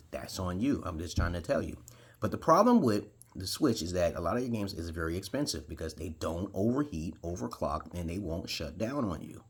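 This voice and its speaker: A man in his forties from Brooklyn with a New York accent, ranting bluntly and profanely to camera about video games, with sudden loud outbursts. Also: lowish voice, husky. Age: 40s. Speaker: vlogger giving gaming advice. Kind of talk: casual rant to camera.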